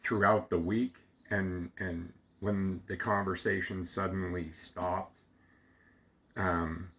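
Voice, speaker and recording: Man, deep voice, bright edge, reflective personal monologue, hesitant and heartfelt. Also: flat delivery. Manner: slow, heartfelt, halting with many fillers and restarts. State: getting emotional. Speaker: storyteller sharing a personal memory.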